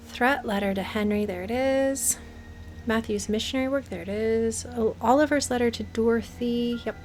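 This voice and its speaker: Slow, whispery nervous woman gamer. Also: a little high, a little mellow. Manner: often drops to a whisper. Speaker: let's play gamer. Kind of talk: nervous horror game commentary.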